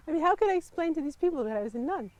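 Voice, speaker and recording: A woman, a Buddhist nun telling her life story in an interview, lively and laughing often. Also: sits high, rough recording. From United States. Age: 50s. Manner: animated storytelling, laughs often, mimics voices in quotes. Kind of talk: personal storytelling.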